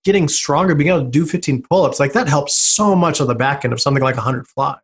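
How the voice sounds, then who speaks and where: A man's voice: a little high, fast talker, vocal fry, slightly rough. A man hosting the interview as the swim coach, asking questions in an encouraging way. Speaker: podcast host, swim coach. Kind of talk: casual interview.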